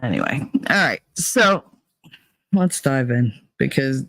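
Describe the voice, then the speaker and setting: A livestream host talks in a loose, rambling way, swearing freely and humming little filler tunes between thoughts. The voice has a gravelly fry at mid pitch. It sounds close and dry, with no room around it. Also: very animated, takes it slowly, fairly bright tone, no room sound, poor audio. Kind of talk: casual rambling chat to a live chat.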